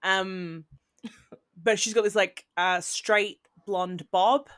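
A woman's voice: medium pitch, fairly even intonation, slow, fairly bright tone. A woman with an Australian accent co-hosting a podcast, chatting casually in a giggly, rambling way with many fillers. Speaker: podcast co-host. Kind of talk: casual chat.

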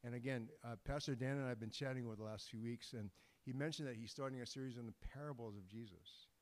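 A mid-range male voice moves at a quick pace as a guest preacher gives a relaxed, chatty sermon. He kids with the congregation and keeps restarting sentences, and his words echo with long reverb in the church sanctuary.

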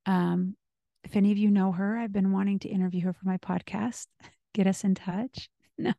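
Woman, podcast host; unhurried, earnest devotional delivery, mellow tone, dry close sound. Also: medium pitch, steady tone, gravelly, no room sound, lo-fi sound. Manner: slow, earnest, reflective with frequent ums.

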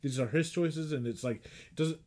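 A man's voice: a little high, normal speed, darkish tone. A man co-hosting a movie podcast, retelling scenes in a rambling, filler-heavy casual chat. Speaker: podcast co-host.

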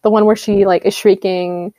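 A woman's voice: mid-range voice, little pitch movement, moderate pace, dark tone, dry recording. Young female podcast co-host, casual and sarcastic, dry close mic. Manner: chatty, laughs often, playful sarcasm. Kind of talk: casual chat.

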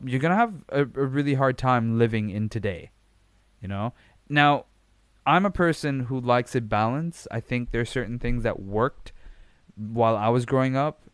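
A man's voice: mid-range voice, smooth, dry recording. A young adult man hosting a podcast on his own, talking casually and frankly, rambling with lots of fillers and swearing freely. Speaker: podcast host. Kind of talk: casual solo commentary.

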